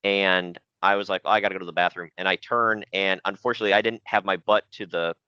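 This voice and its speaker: A man's voice: sits low, flat delivery, fast talker, pushed and bright, clear, resonant tone, no echo. A man hosting a podcast, rambling through stories about friends with frequent laughs and impressions. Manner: rambling storyteller, laughs often, mimics friends. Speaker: podcast host. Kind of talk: casual chat. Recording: dry, muffled podcast audio.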